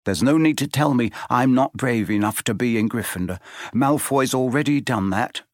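A man's voice: mid-range voice, normal speed, no echo, studio quality, lightly acted. A man reading an audiobook, voicing a timid schoolboy who speaks shakily. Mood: hurt. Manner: shaky, mumbling.

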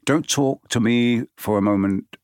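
A man's voice: mid-range voice, measured pace, darkish tone, no room sound, clean studio sound, close to an everyday voice. A man reading an audiobook, voicing a blunt, joking teenage boy. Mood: concerned.

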